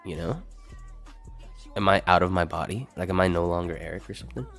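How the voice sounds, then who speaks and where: A man's voice: sits low, brisk, creaky, a bit bright, soft background music. Laid-back, swearing young streamer man. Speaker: livestreamer. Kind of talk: casual stream chat, answering chat.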